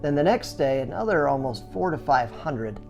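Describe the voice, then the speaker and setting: A middle-aged man who owns a skateboard business, telling his story casually with lots of fillers and restarts, and animated sound effects. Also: a little high, normal speed, vocal fry, soft background music. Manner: chatty, full of "you know" fillers and restarts; animated, acts out sounds and reactions.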